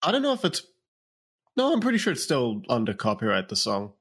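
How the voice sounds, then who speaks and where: A man's voice: medium pitch, wildly swooping pitch, fairly quick, a bit bright, husky. A man co-hosting a podcast in casual chat, teasing his partner and laughing often. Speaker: podcast co-host.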